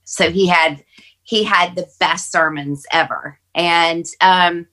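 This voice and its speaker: Low-voiced reflective woman telling a story. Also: steady tone, slow, pushed and bright. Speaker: podcast guest. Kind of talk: personal storytelling on a panel podcast.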